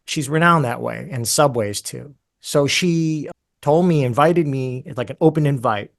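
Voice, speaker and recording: A man, a guest musician, telling a long story in an interview in a casual, animated way with many fillers and asides. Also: mid-range voice, moderate pace, gravelly.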